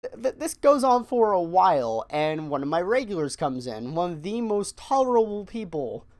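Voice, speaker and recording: A young man telling a story on his vlog, animated and profane, often repeating words as he gets excited. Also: high-pitched, normal speed. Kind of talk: casual storytime monologue.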